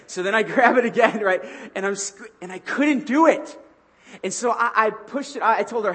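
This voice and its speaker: Young male preacher, husky tone, chatty storytelling sermon. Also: high voice, brisk. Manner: animated, conversational, acts out his own lines. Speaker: pastor.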